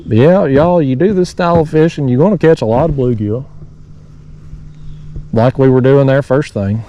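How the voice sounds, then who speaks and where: A man's voice: medium pitch, moderate pace, mellow, lo-fi sound. A man casually narrating his fishing from a kayak on a lake, rambling folksily and talking to his viewers. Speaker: fishing vlogger. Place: kayak on a lake below a dam, outdoors.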